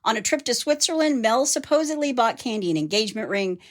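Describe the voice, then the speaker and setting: A woman's voice: a little high, animated, quick pace. A woman hosting a podcast, telling a true-crime story in a casual way and reading out quotes with teasing asides. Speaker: podcast host.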